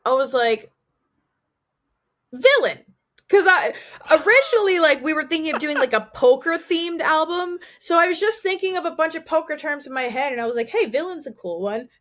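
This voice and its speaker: A young woman, a band singer, chatting casually as an interview guest, telling stories with lively quoted dialogue and casual swearing. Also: high voice, brisk, few pauses. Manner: animated storyteller, swears casually, quotes others.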